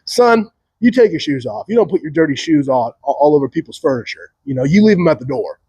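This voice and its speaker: A stern older Texan cowboy lays down the house rules and keeps calling someone "son", put on by a man. The voice sits a little high. The sound is dry and close. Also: expressive, quick pace, warm tone, slightly rough, no echo. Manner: firm, scolding, repeating "son".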